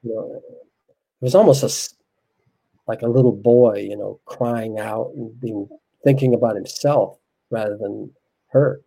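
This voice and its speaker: A man with a mellow, rounded voice sits as a guest in an interview. He talks in a soft, reflective, unhurried way, sharing a heartfelt personal story. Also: on the low side, steady tone, gravelly, husky, poor audio.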